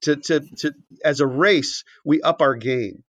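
A man's voice: on the high side, measured pace, no room sound. A man telling a long anecdote as a podcast guest, with many fillers and restarts, acting out quoted dialogue. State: briefly choked up. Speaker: podcast guest, author and animation writer. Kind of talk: conversational storytelling. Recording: dull, dry podcast audio.

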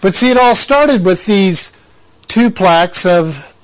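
A man's voice: high-pitched, animated, takes it slowly. A man giving conversational Bible teaching, asking rhetorical questions and making asides to his listeners.

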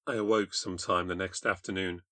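Wry, low-voiced British storyteller. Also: male voice, steady tone, a little fast, sharp tone, dry recording. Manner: wry, confessional. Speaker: podcast host and narrator. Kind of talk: scripted first-person storytelling.

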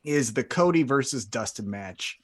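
A man's voice: medium pitch, normal speed. A man co-hosting a casual wrestling podcast, joking and acting out quotes as he recaps. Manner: joking, animated, acts out quotes. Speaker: podcast co-host.

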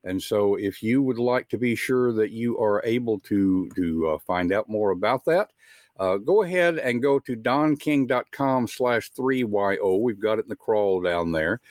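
A man's voice: fairly low pitch, expressive, a little slow, a little mellow, no room sound. A man with a Southern US accent hosting a live talk show, chatty and folksy, with frequent filler words. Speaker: host.

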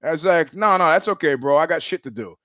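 A man's voice: on the high side, fast, a bit bright, dry recording, lo-fi sound. A man hosting his own live show, telling a long story in a rambling way, full of restarts and quoted asides. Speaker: show host. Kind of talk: casual livestream monologue.

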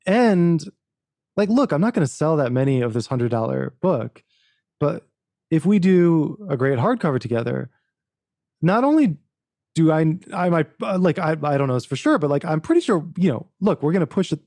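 A man, an author and book producer, telling a story as a podcast guest in an animated way, acting out quoted dialogue and restarting often. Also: fairly high pitch, a little fast, no room sound. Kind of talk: casual interview storytelling.

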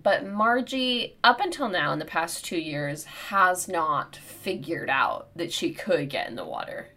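Animated, foul-mouthed woman telling a funny story. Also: on the low side, unhurried. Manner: animated, profane, comic storytelling. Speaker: podcast co-host. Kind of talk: casual storytelling chat.

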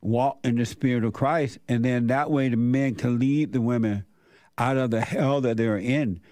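A man's voice: medium pitch, fairly even intonation, normal speed, darkish tone, no echo, studio quality. Preachy older man hosting talk radio. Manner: preachy, repetitive, emphatic. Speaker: radio show host. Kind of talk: opinionated talk radio commentary.

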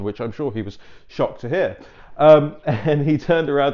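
A man's voice: mid-range voice, normal speed, darkish tone. Man, mid-range voice, casual digressive commentator; dull home-mic sound. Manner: chatty, digressive storyteller who acts out dialogue. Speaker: political commentator.

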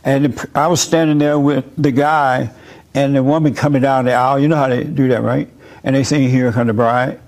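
This man's voice is medium-pitched, steady and brisk with a darkish tone as he hosts a faith discussion. Chatting casually, he jokes and chuckles through stories, then turns preachy when explaining.

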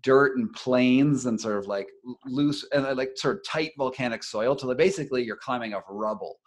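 A middle-aged man talks in a relaxed conversational interview, recounting events at length. His delivery rambles, full of fillers and false starts, and turns animated as he tells the story. His voice sits at a typical male pitch. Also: brisk. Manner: rambling, many fillers and restarts, animated retelling. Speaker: investigative journalist and author, interview guest.

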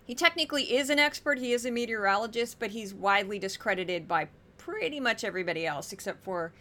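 A woman hosting a podcast, giving chatty, wry commentary on news clips with animated asides. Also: mid-range voice, fast talker. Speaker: podcast host. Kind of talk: casual commentary.

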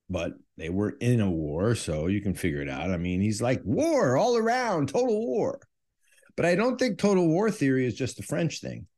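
A man's voice: lowish voice, a little mellow. A man hosting a history podcast, talking casually and jokingly about his subject. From United States. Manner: jokey, conversational, self-aware. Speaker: podcast host.

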